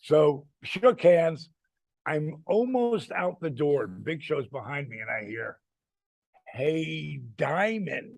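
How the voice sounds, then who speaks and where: A man's voice: on the high side, big pitch swings, takes it slowly, vocal fry, dry recording. A man in his sixties telling a wrestling-road story in a casual chat, acting out the people he quotes and swearing freely. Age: 60s. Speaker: retired wrestler telling stories.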